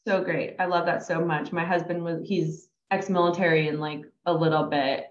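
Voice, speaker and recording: A woman hosting a podcast in casual, chatty conversation, her voice jumping up when she quotes herself. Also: normal speed. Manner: chatty and animated, jumps high when quoting herself. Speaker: podcast host. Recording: echoey, dull lo-fi sound.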